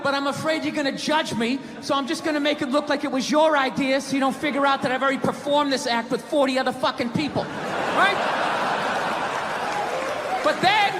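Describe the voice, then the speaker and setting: A man doing a stand-up comedy set in a Boston accent, ranting and bursting into shouted bits, recorded live on stage. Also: extremely high pitch, brisk, noisy background. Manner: ranting, shouting into exaggerated impressions. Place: stage before a live audience. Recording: live theater recording with crowd and reverb.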